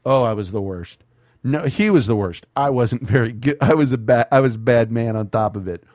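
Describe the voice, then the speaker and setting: A man's voice: mid-range voice, brisk, a little mellow, no echo, clean studio sound. A man hosting a podcast, telling rambling, profane stories in casual chat. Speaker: podcast host.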